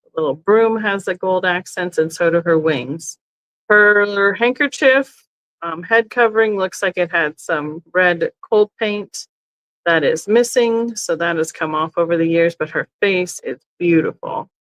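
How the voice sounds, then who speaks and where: A woman with a lowish, somewhat bright voice takes her time as she hosts a casual live online sale. Seated indoors, she thinks aloud about each item and corrects herself often, and the recording quality is low.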